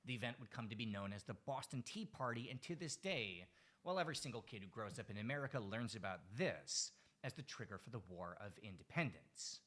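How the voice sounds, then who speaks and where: Bright, lively male history narrator. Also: medium pitch, a little fast. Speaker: video narrator.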